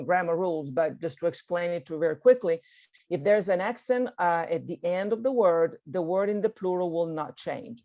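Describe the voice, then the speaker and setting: A woman's voice: lowish voice, dark tone, highs cut off. A woman from Italy with an Italian accent, teaching a beginner Italian class over a video call and checking in with "okay?" after nearly every point. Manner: encouraging, checks in with frequent "okay?". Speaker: language teacher.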